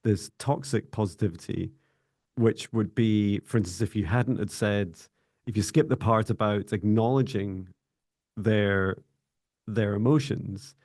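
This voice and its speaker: A man hosting a casual spiritual chat, relaxed and hesitant, often laughing along with his guest. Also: on the low side, unhurried, no room sound, clean studio sound. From Scotland. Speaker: host, psychic mentor.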